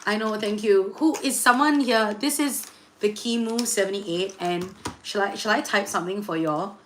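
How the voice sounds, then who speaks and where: A young woman, hosting a casual livestream, chatty and full of fillers, excitedly greeting viewers. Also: medium pitch, moderate pace, slight background noise. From Singapore. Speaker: livestream host and tarot reader.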